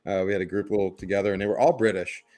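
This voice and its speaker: A man's voice: low-pitched, steady tone, very fast, a little mellow. A man chatting casually, laid-back and jokey as he tells stories. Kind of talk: casual chat.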